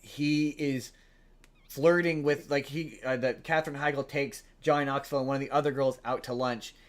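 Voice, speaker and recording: A man hosting a podcast, casually retelling a film plot in a rambling, animated way. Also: mid-range voice, normal speed. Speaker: podcast host. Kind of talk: casual chat.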